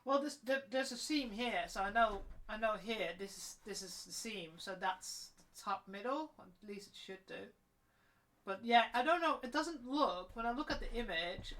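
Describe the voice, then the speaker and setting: Woman w hiccups mumbling to herself as she works on cosplay armour, kinda halting and thinking out loud. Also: fairly high pitch. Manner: thinking aloud while working, trailing off. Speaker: cosplay crafter streaming her build. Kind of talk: casual working commentary.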